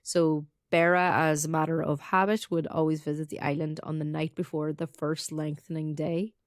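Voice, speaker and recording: Woman, Irish accent, low pitch, dry close sound, casual folklore podcast chat. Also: level tone, no room sound. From Ireland. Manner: chatty, swearing, quick asides. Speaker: podcast co-host.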